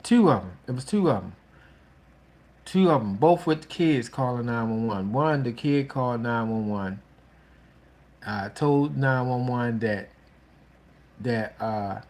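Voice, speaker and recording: Slow, halting man giving frank advice. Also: mid-range voice, expressive, a little mellow. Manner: slow, halting, with many restarts and "you know". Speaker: relationship talk host. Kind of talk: casual advice monologue.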